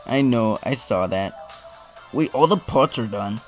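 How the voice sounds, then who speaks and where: A casual gameplay commentator, excitable and teasing, joking through the match. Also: mid-range voice, a little slow. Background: game music.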